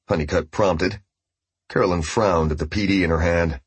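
A man narrating an audiobook with steady, grave storytelling. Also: low voice, normal speed, husky, no room sound. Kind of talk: scripted narration.

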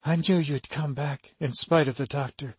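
A man reading an audiobook, voicing a frail young woman who speaks softly and huskily. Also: fairly high pitch, steady tone, normal speed, no echo. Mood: pleading. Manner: soft, quiet, husky. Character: frail, fragile young woman, soft and husky.

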